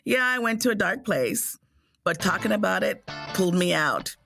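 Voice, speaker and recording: Gravelly woman narrating over music. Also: medium pitch, expressive, fairly bright tone. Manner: slow, measured, reflective. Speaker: podcast host. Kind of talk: scripted intro narration. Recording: music bed underneath.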